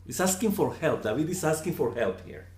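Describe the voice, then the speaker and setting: A man giving a slow, earnest reflective teaching on scripture, often repeating words for emphasis. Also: on the high side, very animated, a little mellow, reverberant. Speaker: spiritual teacher.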